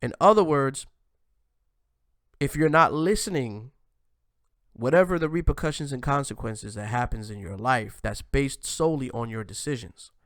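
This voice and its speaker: A man hosting his own show, talking in a loose, animated monologue that often ends lines with "man" and restarts mid-sentence. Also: medium pitch, moderate pace, no room sound, studio quality. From United States. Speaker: host. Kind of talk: casual commentary monologue.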